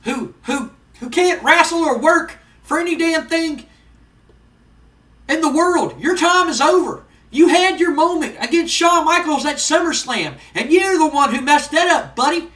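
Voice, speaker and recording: A man putting on the voice of a loud, gloating male wrestling manager who taunts and sneers. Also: very high-pitched, lively intonation, measured pace, distant mic, pitched above the performer's own voice, full character voice. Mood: gloating, taunting. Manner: taunting, sneering, shouting insults. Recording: roomy, off-mic.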